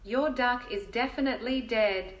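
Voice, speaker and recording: A weary male vet breaks bad news in a flat, patient, apologetic tone, read by a woman in a fairly high voice. The voice rings a little in an echoey room. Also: normal speed, lo-fi sound, natural voice.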